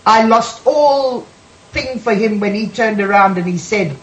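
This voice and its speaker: A woman's voice: medium pitch, measured pace, roomy sound, low-quality recording. A woman on a radio panel, talking emphatically and sassily, calling people sweetheart and darling. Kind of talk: heated radio panel talk.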